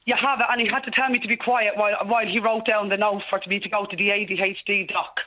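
An Irish woman in her forties calling in to a radio show, talking fast and emotionally without stopping. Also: medium pitch, steady tone. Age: 40s. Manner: rapid, tumbling, unstoppable talk. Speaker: caller. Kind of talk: emotional call-in radio talk. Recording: tinny phone line.

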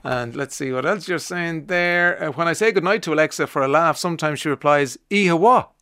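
A man's voice: on the high side, brisk, bright, forceful tone, clear, resonant tone, no room sound, studio quality. An Irish man hosting a radio show, chatting casually and reading out listener messages with frequent "uh" fillers. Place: radio studio.

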